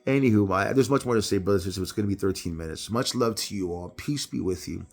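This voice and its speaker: A middle-aged man giving a casual Bible devotional talk, telling personal stories with animated, rising delivery. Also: fast, vocal fry, faint music behind. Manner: animated storytelling, jumps high when acting out others. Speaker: preacher.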